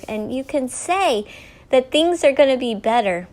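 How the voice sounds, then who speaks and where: Host, woman, somewhat high voice, earnest devotional storytelling, slips into hushed near-whispers. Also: expressive, measured pace. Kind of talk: devotional talk while painting.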